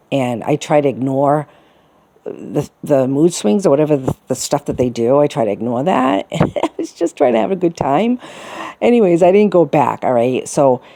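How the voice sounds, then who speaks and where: A woman's voice: rumbling low, dark tone. A middle-aged woman telling a personal story in a casual, rambling way, full of restarts and fillers. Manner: rambling, many restarts and fillers, quotes people in put-on voices.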